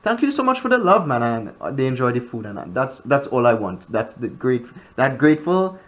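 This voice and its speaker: A man with a Trinidadian accent, a chef talking as a radio guest, animated and enthusiastic. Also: medium pitch, brisk. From Trinidad and Tobago. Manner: animated, enthusiastic, many fillers. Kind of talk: casual radio interview.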